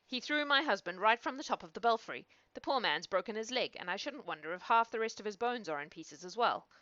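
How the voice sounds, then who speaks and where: A woman voicing the sexton's wife, shrill and scolding. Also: lively intonation, fairly quick, bright, forceful tone, dry recording, lo-fi sound. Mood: furious. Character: sexton's wife, worried and furious.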